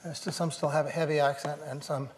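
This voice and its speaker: A man's voice: fairly high pitch, level tone, fast talker, a little mellow, a little hiss or hum. An older man giving a university lecture, thinking aloud with fillers and restarts and slipping in dry jokes.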